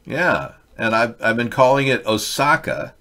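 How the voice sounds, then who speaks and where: A man's voice: medium pitch, lively intonation, moderate pace, fairly bright tone. A man hosting a casual political commentary livestream, reading chat with rambling, sarcastic asides.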